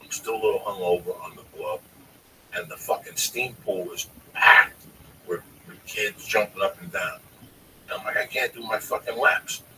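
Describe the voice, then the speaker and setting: A man telling a long, profane, animated story on a podcast, often calling his listener by name. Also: fairly low pitch, normal speed, far from the mic, slight background noise, low-quality recording. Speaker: storyteller guest.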